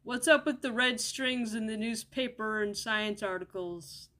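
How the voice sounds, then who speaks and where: Comedy skit voice: woman, somewhat high, dry and sarcastic banter, swears casually. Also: a little slow, fairly bright tone. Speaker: comedy sketch voice performer. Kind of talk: comedic dialogue skit, voicing several characters.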